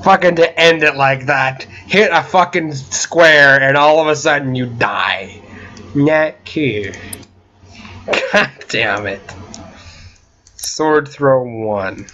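A young man giving casual gaming commentary, excitable, yelping, whooping and swearing often as he plays. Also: mid-range voice, takes it slowly, lo-fi sound. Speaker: gaming channel host.

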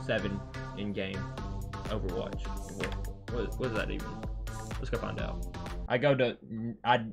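A man's voice: fairly low pitch, creaky. A young man swearing and ranting as he comments on the game he is playing. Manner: swears constantly, rants at the game. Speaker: gaming streamer. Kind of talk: casual gameplay commentary.

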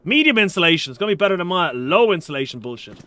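A man streaming a survival game, chatting casually and excitably, with frequent swearing. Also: high voice, very fast, no echo. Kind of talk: casual live-stream commentary.

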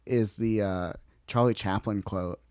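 A man's voice: on the low side, fairly even intonation, unhurried, a little mellow, no room sound. A man chatting as a podcast guest, easygoing and chuckling between remarks. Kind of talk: casual comedy podcast chat.

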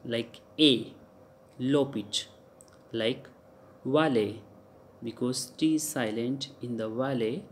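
A man with an Indian English accent giving a recorded lecture, spelling out letters and repeating example words slowly for students. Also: medium pitch, darkish tone, a little hiss or hum. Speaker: teacher. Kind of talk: recorded lecture on French pronunciation.

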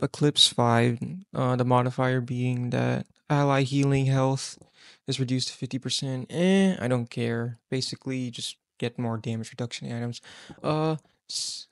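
Foul-mouthed excitable woman gamer. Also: very deep voice, a little slow. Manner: swears constantly, excitable and frustrated; panicky and self-mocking. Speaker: gaming YouTuber. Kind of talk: gameplay commentary.

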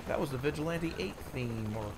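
A man's voice: a little high, expressive, fast talker, creaky, slight background noise, low-quality recording. A man in his thirties chatting casually and sarcastically while playing a video game, swearing freely. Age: 30s. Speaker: gameplay commentator. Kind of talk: casual chat over gameplay.

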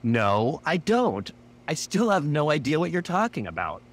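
A man's voice: fairly high pitch, big pitch swings, moderate pace. A man co-hosting a math podcast, doing scripted comedy banter with a wry, teasing manner. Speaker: podcast co-host.

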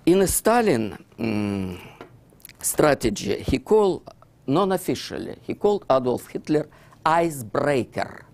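A Russian-accented man lectures in a hall, his broken English full of "you see" fillers. His voice is gravelly and swings widely in pitch as he tells his story over the slides. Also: very animated, a little slow, a little mellow. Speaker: author giving a book talk.

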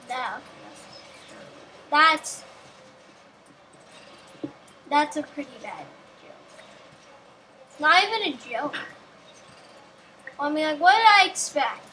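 A woman's voice: sits high, sing-song, slow pace, long pauses, bright, forceful tone, slight background noise, poor audio. A young woman giving casual, rambling gameplay commentary with a sarcastic streak, talking to herself and the game.

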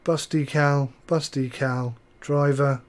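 A man's voice: mid-range voice, fairly even intonation, slow pace. A man hosting a let's play, chatting and joking his way through a bus driving game. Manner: chatty, joking, self-deprecating. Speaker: gaming channel host.

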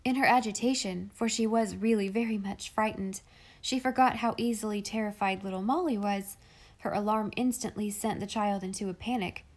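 A woman narrating a classic children's novel in a calm, measured, expressive reading voice. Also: medium pitch. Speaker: audiobook reader. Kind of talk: storybook narration.

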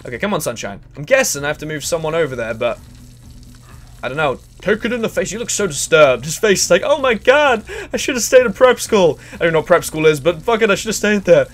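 A man giving crude, excitable let's play commentary and chatting to the characters in the game. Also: on the high side, fast talker. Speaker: gaming channel host.

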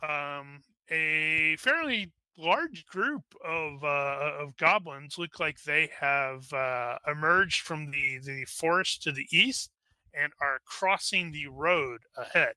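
A man runs a tabletop game, narrating in a loose, rambling way full of fillers and restarts. His voice sits a bit high and sounds very bright and crisp, with a dry, close sound. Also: takes it slowly, dry recording. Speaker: game master.

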